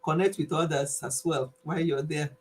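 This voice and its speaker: A woman's voice: low-pitched, moderate pace, slight background noise. A woman hosting a casual live stream, playful and often laughing as she imitates her viewers. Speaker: channel host closing a live stream.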